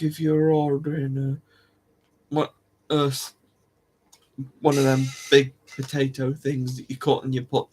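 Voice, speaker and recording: A man's voice: fairly high pitch, slight background noise. A man hosting a live stream, rambling and musing aloud to his viewers in casual chat, coughing now and then.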